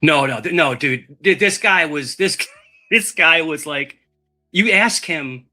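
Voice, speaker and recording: A man telling a long rambling story in casual chat, animated and swearing, repeating his words. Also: fairly high pitch, slow, faint music behind.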